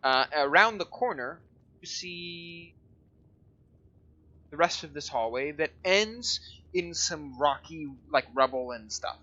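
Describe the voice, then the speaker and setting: A man's voice: fairly high pitch, lively intonation, slow pace, pushed and bright, dull audio. A man narrating a tabletop game as game master, describing scenes and rules in an explanatory way with frequent fillers.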